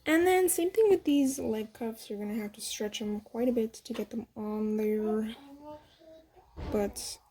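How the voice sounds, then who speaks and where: A young woman casually walking viewers through a sewing project at home, chatty and quick to laugh at herself. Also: a little high, dark tone, slightly rough. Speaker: sewing tutorial host. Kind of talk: casual step-by-step sewing demo.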